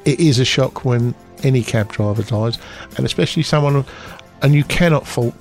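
A man's voice: medium pitch, moderate pace, faint music behind. A man co-hosting a casual chat show, talking in a chatty, rambling way. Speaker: co-host.

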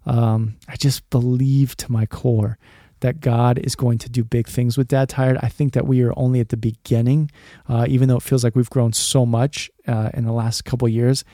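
A man's voice: medium pitch, flat delivery, normal speed, mellow, no echo, clean studio sound. A man in his thirties hosting a faith podcast for dads, talking in an earnest, rambling way and dropping "man" often. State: choked up, emotional. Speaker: podcast host. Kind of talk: heartfelt podcast monologue.

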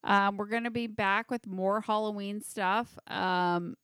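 A woman with a medium-pitched, somewhat bright, smooth voice speaks unhurriedly with fairly even intonation, recorded at studio quality with no echo. As a podcast host she's tipsy and hiccuping, casually reading out creepy legends. She giggles, swears, and mangles names along the way.

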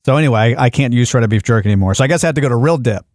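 A man's voice: mid-range voice, racing, a little mellow, dry recording, studio quality. Man telling a rambling comic story. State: groggy, a little delirious. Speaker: podcast host, comedian. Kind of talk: casual chat.

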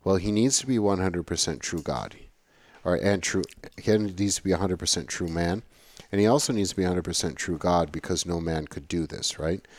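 Deep-voiced man giving a theology lecture. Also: a little fast. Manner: conversational, emphatic, repeats phrases. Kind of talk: recorded classroom lecture.

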